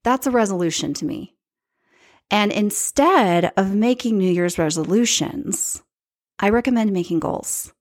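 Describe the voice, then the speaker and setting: A woman's voice: medium pitch, lively intonation, unhurried. A woman hosting a podcast, talking in an emphatic, chatty way, repeating her key points and speaking straight to her live viewers. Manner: addresses live viewers directly. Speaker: podcast host. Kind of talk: casual solo podcast monologue.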